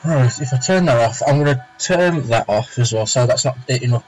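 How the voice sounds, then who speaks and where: On a casual home live stream, a man draws and thinks out loud, a little fast, in a medium-pitched, darkish voice with lively intonation, full of fillers, self-talk and dropped thoughts. Faint music sits behind him and the audio is poor.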